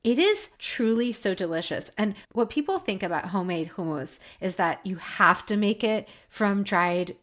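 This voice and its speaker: A woman's voice: mid-range voice, expressive, moderate pace, few pauses. A woman co-hosting a casual cooking podcast, chatty and enthusiastic as she explains a recipe step by step. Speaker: podcast co-host.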